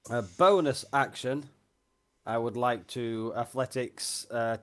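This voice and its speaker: A man's voice: medium pitch, slow pace. A man playing a tabletop game, talking through his moves hesitantly. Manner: hesitant, thinking aloud with fillers. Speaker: player.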